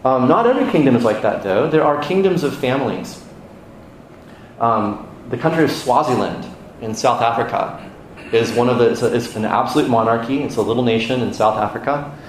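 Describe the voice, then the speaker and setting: A man's voice: medium pitch, animated, a little fast. An American man preaching a sermon in a conversational teaching manner, asking the congregation questions. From United States. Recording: very echoey room, faint noise.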